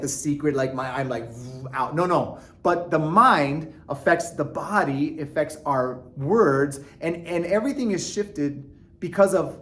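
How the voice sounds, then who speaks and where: A man talking earnestly to his viewers in a casual motivational vlog, animated and full of restarts and fillers. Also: a little high. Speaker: vlogger. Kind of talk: casual motivational talk to camera.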